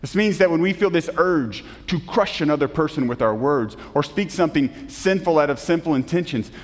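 A man's voice: a little high, expressive. Man preaching in a reverberant church. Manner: earnest preaching with emphatic rises and soft, slow drops. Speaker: pastor. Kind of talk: sermon. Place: church sanctuary. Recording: long reverb of a church hall.

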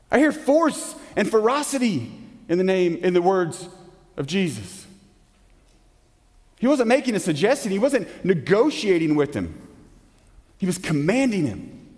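A fairly high-voiced man preaches in a church sanctuary, his words ringing out with a long reverb. He is emphatic and poses rhetorical questions, then drops to a near hush. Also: very animated, a little slow, pauses often. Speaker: pastor. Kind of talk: sermon.

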